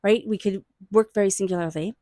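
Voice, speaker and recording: Woman giving a soft spiritual tarot reading. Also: medium pitch, fairly even intonation, brisk, dry recording. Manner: soft, murmured invocations to angels and spirit guides. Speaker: tarot reader. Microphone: own microphone.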